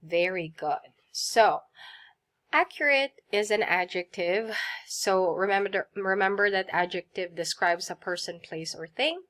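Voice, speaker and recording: A woman leads a vocabulary lesson at an unhurried, deliberate pace. She pronounces each word with care, has her listeners repeat it, and answers with quick praise. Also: medium pitch, a bit bright. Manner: slow, clear drills with repeat prompts and praise. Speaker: teacher.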